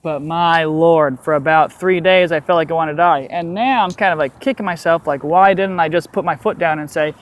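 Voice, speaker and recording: A young adult man casually telling a personal story on a walk-and-talk vlog, candid and animated, swearing now and then. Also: a little high, fairly quick, few pauses. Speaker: vlogger.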